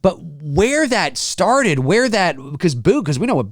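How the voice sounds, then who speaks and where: A North American man hosts a live stream, chatting casually and rambling through viewer comments in an animated way, with lots of fillers and laughs. His voice is high and a little slow. The sound is dry and studio quality.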